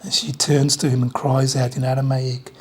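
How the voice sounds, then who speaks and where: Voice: medium pitch, flat delivery, moderate pace, husky. An Australian preacher giving an Easter sermon in a church, conversational, repeating key phrases and joking with the congregation.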